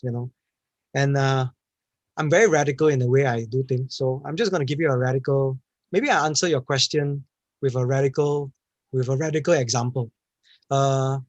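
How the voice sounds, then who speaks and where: A man's voice: mid-range voice, no room sound. A man, a panel speaker giving an earnest, emphatic storytelling answer and often restarting his words.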